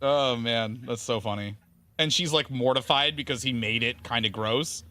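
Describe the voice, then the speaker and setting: A man's voice: medium pitch, moderate pace, bright, forceful tone, dry recording. A man streaming a video game, chatting casually and rambling with viewers in a self-deprecating way. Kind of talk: casual gaming stream chat.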